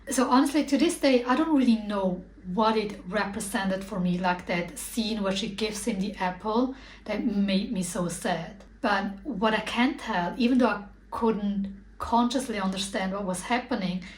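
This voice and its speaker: A woman's voice: mid-range voice, a little hiss or hum. Earnest woman talking in an echoey room. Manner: earnest, searching, many fillers and restarts. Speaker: spiritual content creator. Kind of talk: reflective personal talk to camera.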